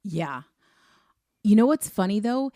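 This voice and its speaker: A woman co-hosting a film review podcast in a chatty, animated way. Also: mid-range voice, unhurried, no echo, studio quality. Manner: chatty, animated, laughs easily. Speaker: podcast co-host. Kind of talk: casual film review chat.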